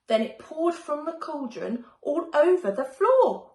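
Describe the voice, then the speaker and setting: A woman teacher reading a rhyming picture book aloud in a slow, expressive way. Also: sits high, reverberant, low-quality recording. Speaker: primary school teacher.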